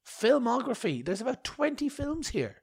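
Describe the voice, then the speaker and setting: A man's voice: very high-pitched, big pitch swings, normal speed, vocal fry, husky, no echo. A man hosting a podcast, rambling and swearing with mock outrage and a bad cough. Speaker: podcast host. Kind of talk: rambling solo podcast chat.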